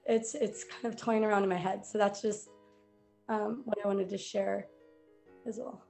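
A woman speaking over her computer on a group video call, thoughtful and hesitant, with many pauses and fillers. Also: mid-range voice, steady tone, vocal fry, warm tone, faint music behind. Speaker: participant on a call. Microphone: computer mic.

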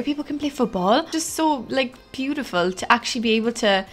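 A woman's voice: on the high side, expressive, a little fast, faint music behind. A young woman chatting through casual gameplay commentary as a gaming YouTuber, gushing and chatty. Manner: gushing, chatty, with many "like" fillers.

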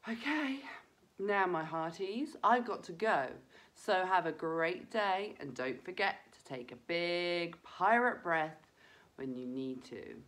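A woman leading a children's breathing lesson, talking gently and encouragingly straight to the kids. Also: fairly low pitch, animated, slow.

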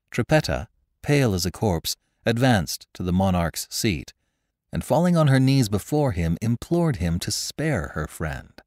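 A man narrating a classic story as a podcast host, in an expressive, theatrical reading on a close studio mic. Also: low voice, dry recording. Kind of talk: dramatic audiobook reading.

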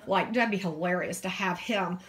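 A fairly low, slightly bright voice at a moderate pace belongs to a middle-aged dog breeder from Virginia. Filming casually on her phone at home, she gushes over a puppy in fond baby talk.

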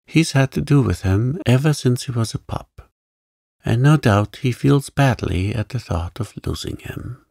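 A man voicing a gentle farm aunt who soothes her husband, in a calm bedtime story reading. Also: mid-range voice, unhurried, gravelly, husky, no echo, studio quality, heavily acted. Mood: soothing.

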